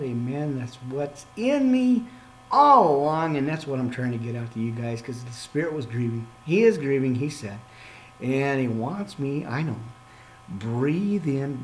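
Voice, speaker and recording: A man, a minister hosting a live podcast, signing off with excitable, playful talk, frequent amens and asides to himself. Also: mid-range voice, a little slow, slight background noise. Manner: preacherly amens and exhortations.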